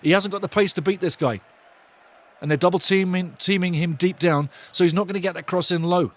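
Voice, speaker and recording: A man hosting a live football watch-along, shouting and swearing excitedly while calling the play and reading out chat messages. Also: high-pitched, a little fast. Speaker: watch-along host and fan commentator. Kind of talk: live fan match commentary, reading chat.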